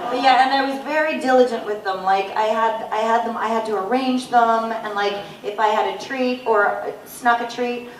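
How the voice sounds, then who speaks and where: A woman's voice: on the high side, steady tone, moderate pace. A woman in her forties telling a self-mocking childhood story on a convention panel. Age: 40s. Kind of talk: casual anecdote to an audience. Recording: roomy hall, distant mic, crowd.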